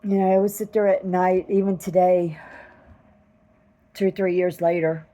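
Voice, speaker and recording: A woman earnestly retelling a vivid dream in a slow, halting way, close to tears at times. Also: fairly low pitch, steady tone, dark tone, rough recording. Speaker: vlogger telling a dream. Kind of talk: personal storytelling.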